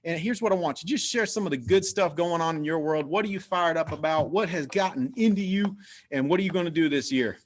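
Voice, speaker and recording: A man's voice: on the high side, a little fast, a little hiss or hum. A man hosting a company video call, cheering his team on by name with lots of energy. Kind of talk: upbeat motivational team call.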